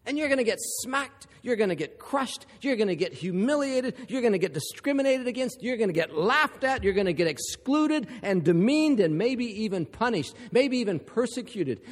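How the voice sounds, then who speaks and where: Guy preaching, really high voice, pounds home his points, big hall echo ringing long. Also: animated, normal speed, hardly any pauses. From Ohio. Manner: emphatic, builds to forceful repetition. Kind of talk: sermon.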